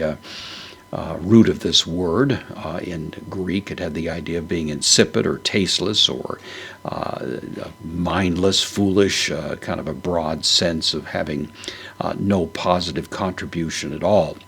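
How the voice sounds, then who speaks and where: A man teaching a verse-by-verse Greek Bible lesson, unhurried, with many fillers as he parses each word. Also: deep voice, creaky, fairly bright tone, a little hiss or hum.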